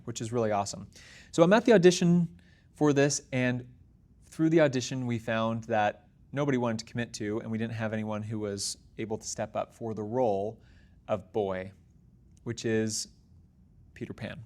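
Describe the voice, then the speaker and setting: A man's voice: mid-range voice, darkish tone. A young adult man hosting his own show, talking to the camera in an earnest, upbeat and encouraging way. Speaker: podcast host. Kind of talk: casual solo talk to camera.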